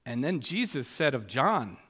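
A man delivering a sermon at an unhurried, measured pace. He lifts his voice with emphasis on quoted scripture. His voice rings out with the long reverb of a church hall. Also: mid-range voice, very animated, fairly bright tone, husky. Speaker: preacher.

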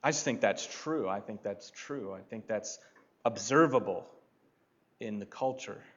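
Slow, deliberate preaching man. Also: lowish voice, fairly bright tone, highs cut off. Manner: slow, deliberate preaching with rising emphatic builds. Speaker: pastor. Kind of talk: sermon.

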